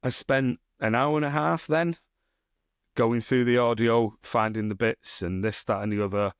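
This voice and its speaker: A man's voice: mid-range voice, steady tone, normal speed, clean tone, no echo, studio quality. A man with a Northern English accent chatting on a podcast, rambling and swearing freely as he teases his co-host. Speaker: podcast co-host and self-published author. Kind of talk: casual podcast chat.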